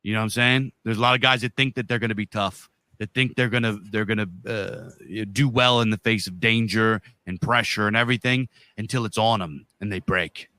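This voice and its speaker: Guy on a podcast rambling and cussing through a story, bright forceful voice, dry sound. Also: fairly low pitch, steady tone, a little fast, no echo. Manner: profane, rambling, fired-up storyteller. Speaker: podcast co-host.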